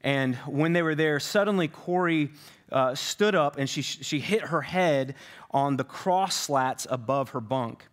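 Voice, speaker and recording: A man's voice: fairly high pitch, unhurried. A man preaching a sermon as pastor, talking conversationally with many fillers and restarts.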